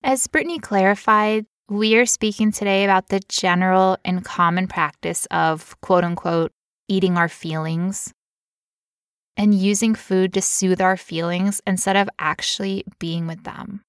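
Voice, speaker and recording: Woman cohost chatting casually, animated, acts out little voices, dry recording. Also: mid-range voice, a little slow, clean tone, no room sound. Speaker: podcast co-host. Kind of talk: casual podcast chat.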